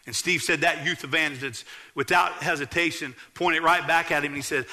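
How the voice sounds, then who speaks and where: A man, preaching a sermon as pastor in a church, earnestly emphatic and dropping low to tell stories. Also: fairly even intonation, brisk, sharp tone. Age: 40s.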